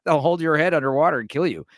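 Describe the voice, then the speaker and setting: A man's voice: a little high, fast, no echo. A man talking casually as a guest on a film chat show, rambling with plenty of "like" and "you know".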